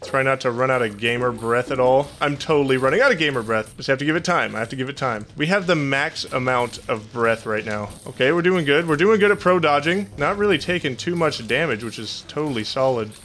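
Brief: young male gaming host, sharp, tense voice, excitable and profane, soft music underneath. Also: medium pitch, a little fast, hardly any pauses. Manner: excitable, profane, panicky outbursts. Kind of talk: gameplay commentary.

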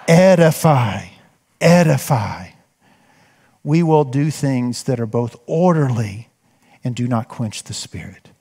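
A man's voice: mid-range voice, moderate pace, dark tone. A man preaching a sermon as pastor, talking conversationally and asking the congregation questions. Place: church sanctuary. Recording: long hall reverb.

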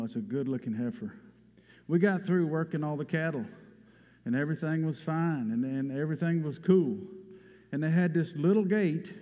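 A man preaching a sermon, telling a story in a folksy way. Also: on the high side. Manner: folksy storytelling, Southern turns of phrase. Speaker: pastor. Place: church sanctuary. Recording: dull sound with long hall reverb.

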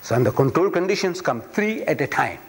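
A man's voice: fairly high pitch, lively intonation, quick pace. A man giving a public lecture, emphatic and rhetorical, repeating phrases for effect. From South Africa. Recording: long reverb of a lecture hall.

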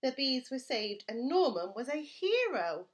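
A woman teacher reads a children's storybook aloud to her class. Her reading is playful and expressive, with a fairly high voice and lots of rise and fall. She takes her time. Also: unhurried.

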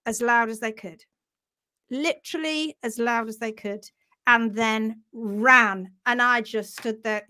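A woman telling a funny story on a live stream, animated and self-mocking, laughing often. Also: on the high side, slow. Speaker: host of a live horse-care session.

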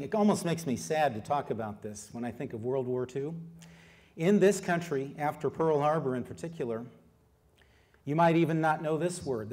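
A middle-aged man gives a public history lecture as an author. He talks in a lively, conversational way, drawing the audience in with questions. He pauses often with fillers as he goes. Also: a little high. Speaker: author giving a history talk.

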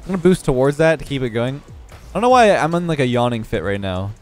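Young man, game commentary, just woke up and yawning, relaxed play-by-play analysis, mid-pitched. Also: fast talker, faint music behind. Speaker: gaming YouTuber commentating his own match. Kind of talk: casual gameplay commentary.

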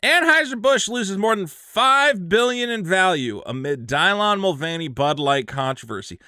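Animated sarcastic male commentator. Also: sits high, normal speed, hardly any pauses, clean tone, no room sound, studio quality. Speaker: commentary YouTuber. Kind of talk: opinionated commentary.

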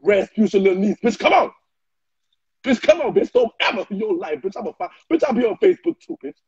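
A man doing a loud, flamboyant ranting reaction video, trading in trash talk and frequent shouting. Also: high-pitched, very animated, fast, vocal fry, slightly rough, no echo. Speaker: social media personality. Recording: muffled lo-fi dry recording.

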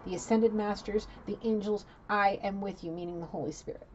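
A woman's voice: mid-range voice, fairly even intonation, fairly quick, muffled recording, slight background noise. A woman giving a rambling, blunt psychic reading in a casual, chatty way. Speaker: psychic tarot reader.

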